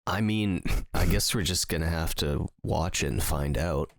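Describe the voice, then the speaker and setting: A man's voice: a bass voice, normal speed, no room sound, clean studio sound. A man co-hosting a podcast, chatting casually and rambling through stories with lots of fillers and laughter. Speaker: podcast co-host. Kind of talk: casual chat.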